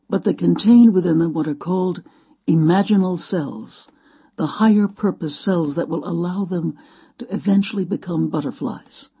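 A woman giving an inspirational storytelling talk, expressive and dramatic, acting out her quotes. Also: fairly low pitch, husky. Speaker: speaker. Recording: dull lo-fi sound.

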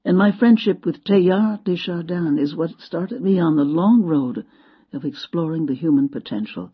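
Woman speaker, inspirational storyteller, husky and expressive, dull lo-fi recording. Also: on the low side, normal speed. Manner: expressive, dramatic, acts out quotes. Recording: dull lo-fi sound.

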